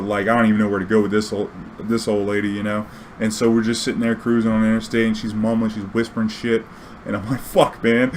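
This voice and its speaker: A man's voice: mid-range voice, slight background noise. Profane man. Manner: profane, animated, acts out quoted dialogue. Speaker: storyteller and streamer. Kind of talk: casual anecdote telling.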